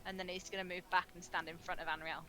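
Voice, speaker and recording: A woman's voice: lowish voice, level tone, quick pace, sharp tone. A woman playing in a tabletop game, eagerly describing her character's moves. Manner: eager, cheers at the dice rolls. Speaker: player.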